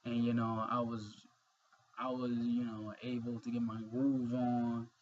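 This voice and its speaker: A man's voice: medium pitch, flat delivery, unhurried, a little mellow, muffled recording, a little hiss or hum. A young man vlogging in a rambling, earnest monologue full of fillers and swearing, sleepy and yawning. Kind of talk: casual monologue.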